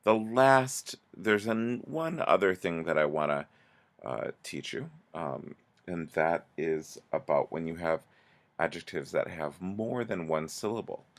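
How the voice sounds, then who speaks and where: A man teaching a grammar lesson, explaining slowly and patiently with pauses and restarts. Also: sits low.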